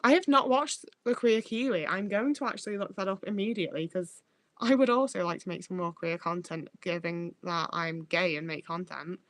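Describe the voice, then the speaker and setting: A woman's voice: on the low side, normal speed, a bit bright, dry recording. A sweary, rambling woman streamer, dry close sound. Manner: rambling, swears freely, stumbles over words. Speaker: livestreamer reading chat. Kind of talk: casual livestream chat.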